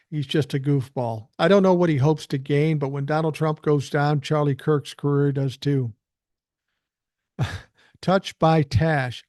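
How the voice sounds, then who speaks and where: Older man, podcast host, fired-up profane rant, a bit breathless, slightly high voice, dry sound. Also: a little mellow, no echo. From South Minneapolis, USA. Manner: profane, heated, mocking. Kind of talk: ranting live stream commentary.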